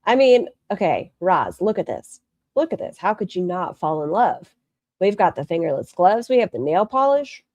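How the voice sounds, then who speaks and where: A woman's voice: fairly low pitch, very animated, moderate pace, darkish tone, no echo. A woman making snarky reaction commentary on a video, mocking it and swearing freely. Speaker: commentary streamer.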